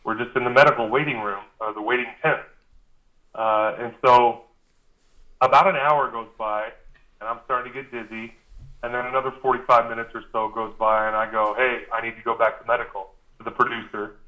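A man's voice: medium pitch, steady tone, fairly quick, phone-quality sound. A man as a podcast guest, telling a long anecdote in a casual, rambling way with lots of fillers and restarts. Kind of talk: casual storytelling.

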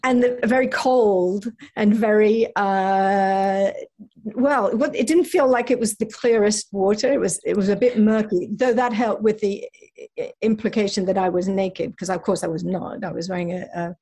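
Chatting casually as an interview guest, this English actress has a mid-range, dark-toned voice and speaks at normal speed. She keeps putting herself down, restarting sentences, and breaking into laughter.

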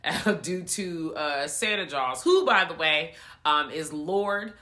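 A woman co-hosting a podcast, retelling a movie in animated, profane casual chat full of slang. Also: low-pitched, slow. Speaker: podcast co-host reviewing a film.

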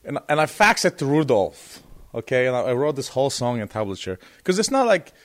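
A man interviewed as a guest guitarist tells a story in a lively, casual way, with a mid-range voice at a slightly fast pace. He often repeats and restarts words.

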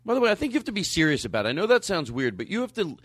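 Lively, fairly high-voiced man host. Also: rapid-fire, dry recording. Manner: rambling, earnest, restarts often. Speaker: podcast host. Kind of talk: casual podcast chat.

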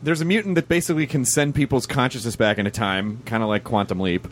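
A man's voice: medium pitch, fast, slight background noise. A man interviewing a guest in casual chat, enthusiastic, swearing freely and restarting his sentences.

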